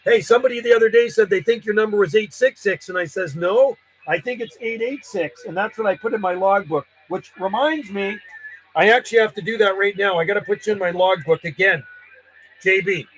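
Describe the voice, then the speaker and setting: A man's voice: high-pitched, brisk, a little hiss or hum. A man chatting casually over the radio with distant contacts, rambling and friendly while logging them. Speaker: ham radio operator.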